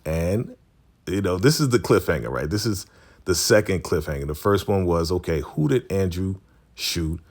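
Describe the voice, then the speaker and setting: A man hosting his channel, giving a casual, animated, slangy recap of a TV episode. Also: low voice, normal speed. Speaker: channel host.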